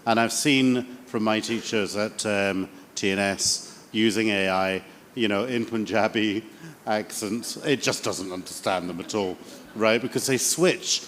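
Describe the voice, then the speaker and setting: A man's voice: fairly low pitch, measured pace, fairly bright tone, slight background noise. Joking Scottish panelist man. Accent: Scottish, Edinburgh. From Scotland. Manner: jokey, teasing. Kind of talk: panel discussion. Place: conference stage.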